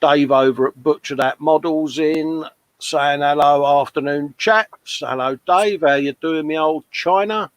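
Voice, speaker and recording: A man's voice: on the high side, measured pace. A man hosting a casual livestream, reading out viewers' comments with chatty, matey banter. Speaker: livestream host.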